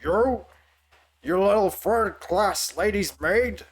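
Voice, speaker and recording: A man's voice: on the high side, slow pace, gravelly, voice pushed up, exaggerated voice. A man voicing a rude, burly male sailor with a heavy foreign accent and rolled R sounds, barking out accusations as he reads game dialogue aloud on stream. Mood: accusing. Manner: loud, accusing barks.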